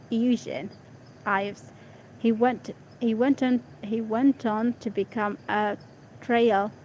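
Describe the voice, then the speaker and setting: A woman whose first language is Arabic reads an English article aloud, stopping often to check her pronunciation in quiet asides. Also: fairly high pitch, slight background noise, rough recording. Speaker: reader practicing English.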